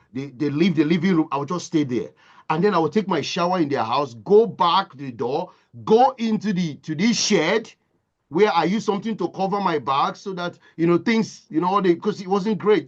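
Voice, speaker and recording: Man, high voice, motivational talk, emphatic repeating, dull lo-fi sound. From Nigeria. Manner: impassioned storytelling with emphatic repetition. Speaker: motivational speaker.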